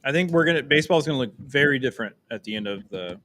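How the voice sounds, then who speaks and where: A man's voice: medium pitch, lively intonation, fast talker, bright, forceful tone. A young man co-hosting a casual live stream, talking animatedly, laughing often and trailing off into restarts. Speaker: co-host.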